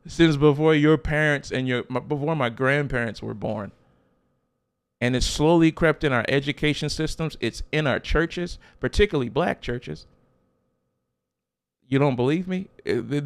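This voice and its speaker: A man's voice: a little high, clean tone. A man preaching a sermon as a pastor, emphatic, with rhetorical questions and repeated phrases.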